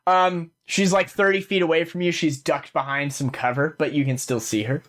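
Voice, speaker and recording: A man's voice: on the high side, steady tone, normal speed, fairly bright tone. A man narrating as game master of a tabletop game, casual and full of fillers.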